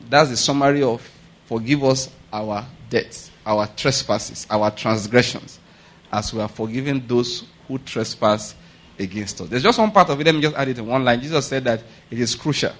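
A man's voice: mid-range voice, husky, poor audio. A middle-aged man with a Nigerian accent, a pastor preaching a sermon in a conversational way, often checking that his congregation follows him.

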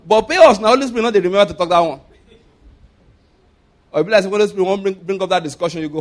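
A man preaching a sermon, lively and laughing often as he acts out voices. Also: sits high, fast.

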